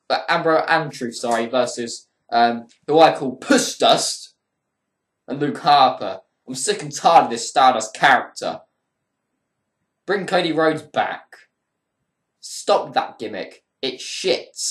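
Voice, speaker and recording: A man's voice: medium pitch, a bit bright. A young man giving a casual spoken review of a wrestling show, rambling and profane, with lots of ums and heated rants. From United Kingdom. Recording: echoey room.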